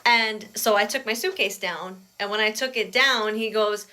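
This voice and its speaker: Woman vlogger, mid pitch, bright forceful tone, chatty aggrieved storytelling. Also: fairly even intonation, normal speed, hardly any pauses. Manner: chatty, aggrieved retelling full of "I was like". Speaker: vlogger recounting an airport experience. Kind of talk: casual storytelling vlog.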